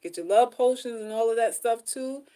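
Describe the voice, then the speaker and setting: Woman, livestream host, casual chat to viewers, repeats phrases, soft asides then loud outbursts. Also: normal speed. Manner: repeats herself, talks to viewers as "y'all"; swings between soft low asides and loud high outbursts. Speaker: livestream host, relationship advice.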